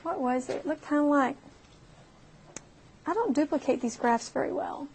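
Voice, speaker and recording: A woman's voice: sits high, expressive, normal speed, darkish tone, slight background noise. A woman teaching a recorded math lesson, chatting through her calculator steps and laughing at her own mishaps.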